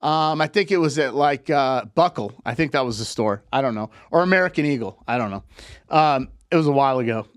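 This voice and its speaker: A man's voice: medium pitch, animated, a little fast, smooth, no room sound, studio quality. A man coaching on relationships in a live talk, lecturing emphatically with repeated points.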